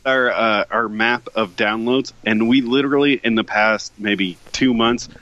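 Bright-voiced man in casual chat. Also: lowish voice, steady tone, normal speed, dry recording, lo-fi sound. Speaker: podcast co-host.

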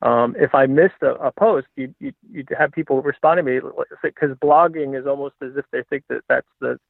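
A man's voice: mid-range voice, normal speed, gravelly, dry recording. A man telling his story as a podcast guest, earnest and reflective, often restarting his sentences. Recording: tinny phone-line audio.

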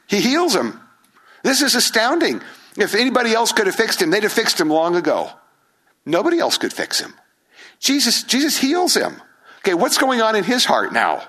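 A male pastor preaching a sermon, animated, asking the congregation rhetorical questions and acting out crowd voices. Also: high-pitched, moderate pace, pauses often.

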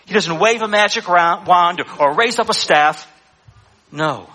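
A man preaching a sermon to a congregation, animated and emphatic, acting out quoted lines with frequent fillers. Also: high-pitched, measured pace.

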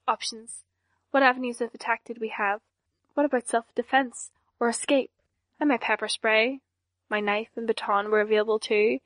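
A woman narrates a first-person audiobook at a steady, even storytelling pace. Her voice sits a little high. The recording is close and dry, with no room echo.

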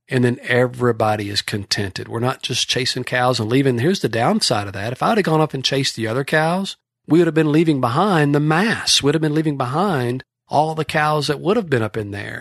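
A man's voice: mid-range voice, no room sound, clean studio sound. A man from Texas with a Texan accent, a horse trainer telling folksy, rambling stories on a podcast. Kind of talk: casual podcast storytelling.

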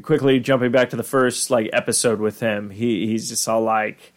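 A man's voice: medium pitch, level tone, moderate pace. A man hosting a podcast and recapping an episode in a casual, rambling way, full of fillers. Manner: rambling, many fillers and restarts. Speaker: podcast host.

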